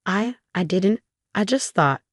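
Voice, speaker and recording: A woman's voice: lowish voice, moderate pace, no echo, clean studio sound, natural voice. A woman reading the lines of a scornful, jealous stepsister who talks dismissively.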